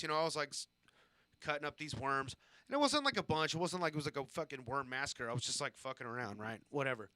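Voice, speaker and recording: A man in his thirties from Southern California rambles through crude childhood stories on a live stream, swearing freely and poking fun at himself. His voice sits a little high and rings clear and smooth. The sound is dry and close. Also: pushed and bright, dry recording. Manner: rambling, profane, self-deprecating storytelling. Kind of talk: casual storytelling on a live stream.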